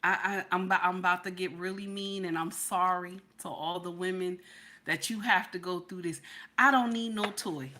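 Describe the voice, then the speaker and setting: A woman giving animated casual commentary, repeating phrases, often asking "okay?", and breaking into laughter. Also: lowish voice, moderate pace, slight background noise.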